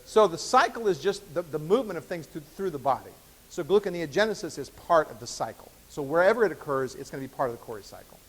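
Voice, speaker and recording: Give me a male professor lecturing casually in a reverberant lecture hall, a bit high-voiced. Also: lively intonation, fast talker, a bit bright. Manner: conversational, with fillers and restarts. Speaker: biochemistry professor. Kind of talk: university lecture.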